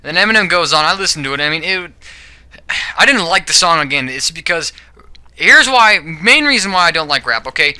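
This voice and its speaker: A man's voice: a little high, expressive, a little fast, pushed and bright, clean tone, no echo. A man giving a casual, rambling opinion monologue to camera, with frequent "you know" and "all right?" and stumbling restarts. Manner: self-correcting, stumbling restarts. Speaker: video blogger.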